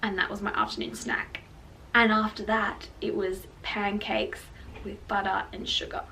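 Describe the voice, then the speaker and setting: A woman's voice: mid-range voice, little pitch movement, normal speed, creaky, sharp tone. A young woman, candidly and emotionally telling her own story as a vlogger, with lots of "like" fillers. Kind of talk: personal storytelling to camera. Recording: slightly distant mic with faint background noise.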